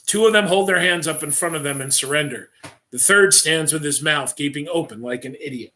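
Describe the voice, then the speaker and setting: A man's voice: fairly high pitch, fairly quick, pushed and bright. A man reading his own first-person story aloud on a livestream, reading dramatically and breaking off for offhand asides.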